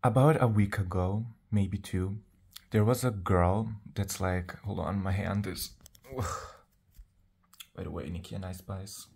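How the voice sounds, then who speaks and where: A man talks straight to the camera in a loose, rambling vlog, stopping and restarting his thoughts. His voice sits low and mellow. He sounds confident and sassy. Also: fairly even intonation, unhurried, creaky, breathy edge. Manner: rambling, chatty, full of "like" and "um"; self-assured, sassy. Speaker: vlogger. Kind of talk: casual vlog monologue.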